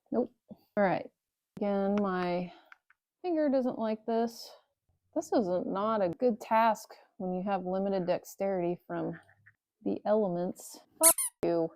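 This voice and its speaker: A woman with a medium-pitched, gravelly, warm voice, recorded with no echo, talks to the camera as she works on a motorcycle in a cold garage. The motorcycle vlogger's hands are cold, and she mutters, curses and cracks sarcastic jokes to herself in this casual working chat.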